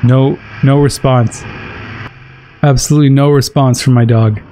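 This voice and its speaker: A man's voice: medium pitch, steady tone, unhurried, dark tone, slight background noise. A man commentating a horror game playthrough, frightened, exclaiming and swearing as he narrates each move. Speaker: gaming channel host. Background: game music.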